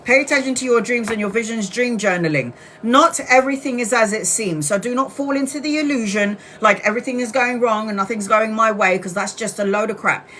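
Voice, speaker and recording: A woman's voice: fairly high pitch, brisk, hardly any pauses, a bit bright, slight background noise. A woman doing a casual live-stream tarot reading, blunt and chatty, with the odd swear word. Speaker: tarot reader.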